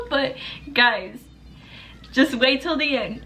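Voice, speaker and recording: A woman's voice: high-pitched, slow pace, a bit bright, slight background noise. A young woman vlogger telling a story to the camera in a rambling, profane, casual way, full of fillers.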